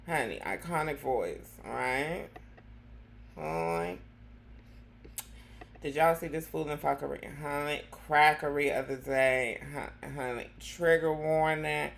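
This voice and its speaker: Sassy low-voiced woman host. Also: lively intonation, creaky. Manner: sassy, calls listeners honey, drawn-out slang. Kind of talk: live commentary show.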